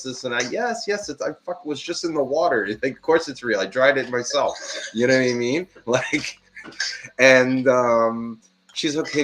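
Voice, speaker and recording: A man in casual live-stream chat, telling a story in an animated, profane way and laughing often. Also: mid-range voice, slight background noise.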